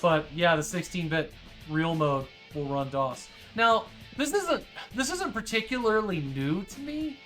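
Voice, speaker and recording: A woman with a notably low voice hosts a relaxed stream. She rambles casually, full of fillers and restarts. Faint music plays quietly behind her. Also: a little slow. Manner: rambling, filler-heavy, gushes over her dog. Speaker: streamer host.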